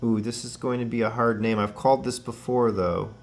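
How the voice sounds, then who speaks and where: A man hosting a paranormal spirit-box session, earnestly and gently calling out names and passing on messages. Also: medium pitch, steady tone, fairly quick, a little hiss or hum.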